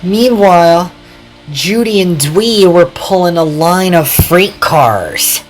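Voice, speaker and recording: Slow, lively woman telling a story. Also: on the low side, faint music behind. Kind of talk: improvised toy train story narration.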